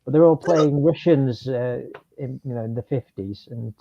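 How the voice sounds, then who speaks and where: A man talking casually on a video call, often pausing and searching for words. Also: medium pitch, no echo, muffled recording. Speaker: podcast co-host. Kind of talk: casual chat.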